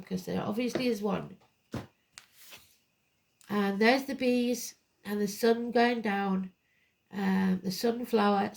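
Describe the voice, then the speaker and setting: A woman's voice: a little high, gravelly, a little mellow. A woman giving a live tarot card reading, blunt and emphatic, drifting into rambling asides. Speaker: tarot reader.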